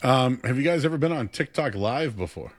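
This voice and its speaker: A young man co-hosting a casual sports talk show, chatty and animated, his voice jumping up when he gets excited. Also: medium pitch, brisk, soft background music. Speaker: sports radio co-host.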